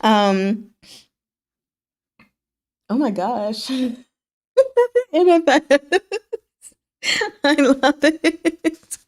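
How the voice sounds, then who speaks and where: A woman casually recapping novel chapters for her book club, animated and laughing, acting out the characters' lines. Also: high voice, very slow, long pauses.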